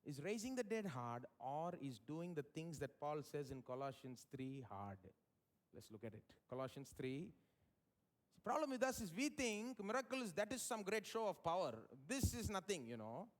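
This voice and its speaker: Male pastor, high tenor, animated live sermon, big pitch swings. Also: normal speed. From India. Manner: animated preaching, sweeping swings in pitch and loudness. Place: church service.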